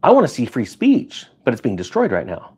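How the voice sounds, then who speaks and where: Male commentator, husky timbre, animated recap storytelling. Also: fairly quick. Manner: animated storytelling, acts out quoted people with pitch jumps. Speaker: commentator recounting an event. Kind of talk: casual spoken recap.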